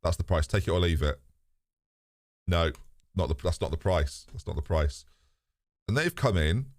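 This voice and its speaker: A man streaming a game live, chatting to his viewers in a lively, sweary way. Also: sits low, normal speed, no room sound, studio quality. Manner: animated, talks to chat, swears casually. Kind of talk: live gameplay commentary.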